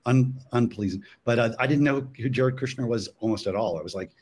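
A man's voice: mid-range voice, a little mellow, slightly rough. A man, a guest cartoonist, chatting casually on a panel, often stopping and restarting his sentences. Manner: halting, full of restarts.

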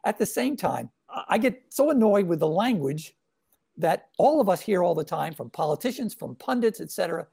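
A man talks through his cartoons in a relaxed interview, stopping and restarting often. His voice is gravelly and a little husky, recorded dry and close. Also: high-pitched, normal speed, no echo. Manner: hesitant, many fillers and restarts. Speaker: editorial cartoonist guest. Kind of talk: casual interview chat.

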